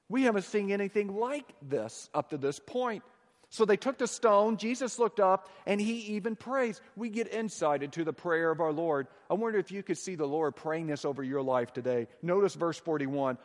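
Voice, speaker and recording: A man preaching a sermon in a church, moving from loud proclamation to soft, hushed asides. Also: high-pitched, moderate pace. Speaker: pastor. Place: church sanctuary. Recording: long reverb of a large hall.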